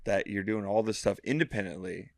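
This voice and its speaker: A man co-hosting a podcast in casual chat, animated, swearing freely and acting out his own thoughts. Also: lowish voice, fairly quick, creaky, dry recording, clean studio sound. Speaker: podcast co-host.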